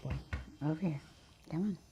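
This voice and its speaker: A woman's voice: low voice, moderate pace, dark tone, highs cut off, a little hiss or hum. A woman dog groomer soothing a dog in cooing baby talk as she works in an indoor grooming salon.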